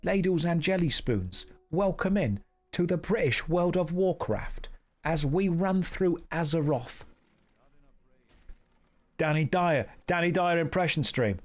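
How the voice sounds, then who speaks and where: A cheeky, hammy London lad full of swagger, as an American streamer puts on the voice, talking with an overdone mock British accent and a bit of a laddish bounce. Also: male voice, fairly high pitch, lively intonation, takes it slowly.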